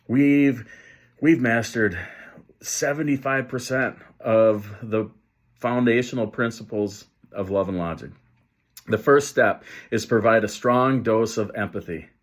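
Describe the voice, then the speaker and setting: A man in his fifties, an educator teaching parents and teachers in a conversational way, acting out sample lines as he goes. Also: fairly low pitch. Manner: conversational, explains with acted example lines. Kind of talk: teaching video to camera.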